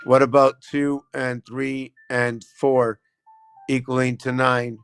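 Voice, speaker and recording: A man's voice: medium pitch, level tone, slow pace, a bit bright, smooth, no room sound, soft background music. A man hosting a live stream, explaining numbers and letter shapes in a loose, rambling way and constantly checking in with "right?". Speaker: livestream host. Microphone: phone camera.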